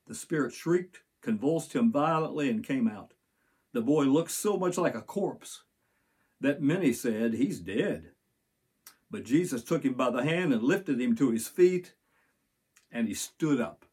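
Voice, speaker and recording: An older man delivers a Sunday sermon in a husky, slightly breathy voice. He speaks earnestly, reading scripture aloud and pausing to explain it to his congregation. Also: mid-range voice, expressive, a little mellow. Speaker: pastor.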